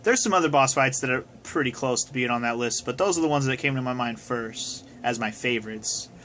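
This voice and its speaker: A man's voice: medium pitch, brisk, a bit bright, slight background noise. A young man casually answering viewer questions on his video, rambling and swearing now and then. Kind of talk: casual chat. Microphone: phone camera.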